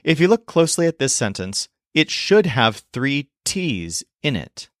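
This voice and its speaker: A man teaching in a language lesson video, explaining clearly and modeling sounds slowly. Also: medium pitch, sing-song, dry recording, clean studio sound. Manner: clear, demonstrative, slows to model pronunciation.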